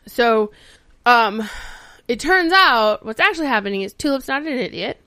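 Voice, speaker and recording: A woman podcast host giving a casual, animated recap of a TV episode, acting out the characters' lines and swearing freely. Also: a little high, moderate pace, no room sound, clean studio sound. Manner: animated storytelling, acts out quotes, swears freely.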